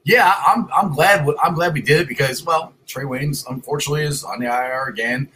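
A middle-aged man hosting a casual sports talk show from his son's house, excited and rambling, with loud greetings. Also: fairly high pitch, brisk, slight background noise.

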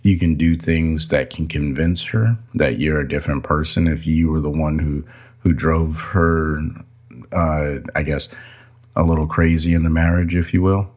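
Very deep-voiced man giving earnest advice. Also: steady tone, moderate pace, a little mellow. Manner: earnest, preachy. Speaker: podcast host. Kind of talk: casual advice talk.

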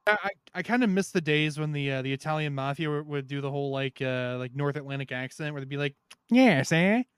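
A man's voice: mid-range voice, steady tone, fast, a bit bright, clear, resonant tone, no room sound, studio quality. A man co-hosting a podcast in casual chat, sarcastic and given to mock-serious rants. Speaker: podcast co-host.

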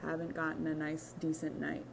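A woman's voice: low voice, monotone, moderate pace, creaky, noisy background. A young adult woman from the United States hosting her own podcast, talking candidly in a rambling, profane, self-mocking way. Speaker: podcast host. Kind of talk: casual solo podcast monologue.

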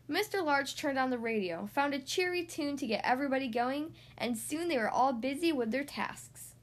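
A woman reads a children's picture book aloud, narrating with an expressive, animated lilt. Her voice is notably high. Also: moderate pace, few pauses. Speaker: reader. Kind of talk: reading a storybook aloud.

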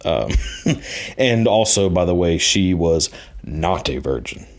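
A man's voice: low-pitched, lively intonation, slow. A man telling a personal anecdote in a rambling, casual way, full of fillers and laughing at himself. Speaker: storyteller.

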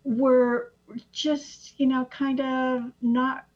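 A woman who teaches astrology, chatting in an animated way and often acting out little quotes. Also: sits high, drawn-out words. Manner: animated, slips into acted-out quotes. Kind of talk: casual conversation. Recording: dull lo-fi sound.

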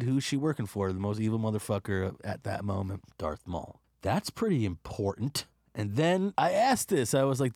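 A man rants through a movie review, swearing freely and playing up a mock-hostile anger, breaking into laughs along the way. His voice sits at an ordinary pitch, and the recording is dry and close with no room echo. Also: darkish tone. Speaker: film reviewer. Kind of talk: profane, ranting movie review.

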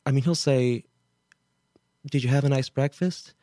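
A man's voice: mid-range voice, a little slow, mellow, dry recording, clean studio sound. A man from Kansas hosting a show, commenting casually with chatty asides and incredulity. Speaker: show host.

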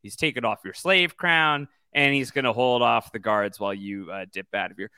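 A man co-hosting a podcast, chatting casually about a video game and talking in a halting way with many fillers. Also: mid-range voice, pushed and bright, clear, resonant tone, dry recording, clean studio sound. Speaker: podcast co-host.

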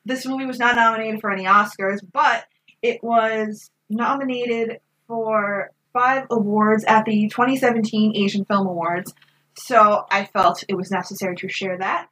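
A woman co-hosting a casual film review podcast, animated and swearing freely. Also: medium pitch, normal speed, far from the mic. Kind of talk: casual chat.

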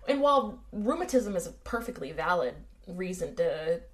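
A woman's voice: on the low side, big pitch swings, moderate pace. An American woman co-hosting a true-crime podcast in casual chat, with dry sarcastic asides. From United States. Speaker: podcast co-host.

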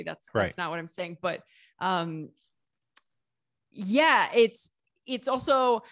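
An American woman chatting as an interview guest, lively and quick to laugh. She talks in a loose, everyday way with plenty of fillers and restarts. Her voice sits at an average pitch and is recorded close and dry. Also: dry recording. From United States. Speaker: author and vlogger guest. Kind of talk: casual interview conversation.

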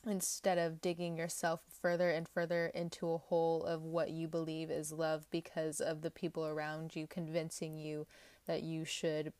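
A woman's voice: sits low, a little mellow, no echo. A young woman giving a casual tarot reading, talking candidly and with emphasis, often rambling. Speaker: tarot reader.

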